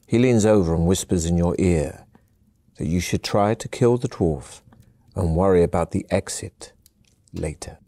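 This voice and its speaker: A male narrator for a fantasy video game tells a scripted story in the second person, calm and measured. His voice is very low and dark, with a dry, close sound and no echo.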